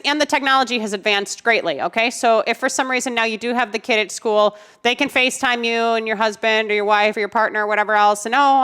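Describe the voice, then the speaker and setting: A woman's voice: mid-range voice, a bit bright, smooth. A woman co-hosting a podcast, giving firm, emphatic advice in a casual chat full of "you know"s. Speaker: podcast co-host, dog trainer.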